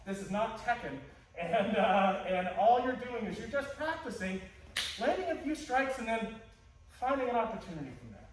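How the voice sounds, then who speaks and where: A man's voice: high-pitched, expressive, normal speed. A man teaching a martial arts class, playful and joking, often restarting his sentences. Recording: echoey hall, distant mic.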